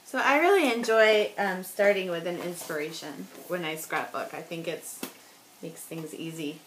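A woman's voice: on the low side, moderate pace, noisy background. A woman chatting casually as she works on a scrapbook layout, joking about herself and laughing often. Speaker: scrapbooking vlogger. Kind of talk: casual talk while crafting.

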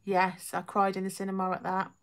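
A woman's voice: mid-range voice, completely flat delivery, brisk, clean tone. A young woman hosting a casual live stream, chatting and reading comments, laughing often and poking fun at herself.

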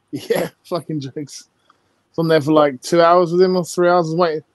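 A man's voice: a little high, steady tone, normal speed, no echo. A tired man, a guest on a live stream, talking brash, sweary trash. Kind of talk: casual live-stream chat.

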